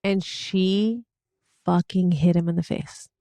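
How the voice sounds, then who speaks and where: A woman's voice: fairly low pitch, steady tone, slow, warm tone, dry recording. Wry teasing woman co-hosting a podcast. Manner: wry, teasing anecdotal storytelling. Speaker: podcast co-host. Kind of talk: casual chat.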